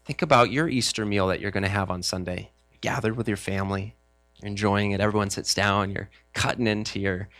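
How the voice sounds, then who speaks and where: A man's voice: on the low side, steady tone, a little fast, a bit bright. A man preaching a sermon, reading scripture and explaining it in a conversational way, sometimes acting out the disciples' voices. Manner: frequent fillers and restarts. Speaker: pastor.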